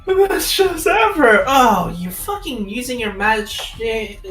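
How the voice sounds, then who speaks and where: A man voicing an excitable, bloodthirsty kobold creature in a tabletop game, squealing with glee. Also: extremely high pitch, slow, distant mic, pitched above the performer's own voice, exaggerated voice. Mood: gleeful. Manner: squealing, gleeful. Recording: roomy echo with faint music.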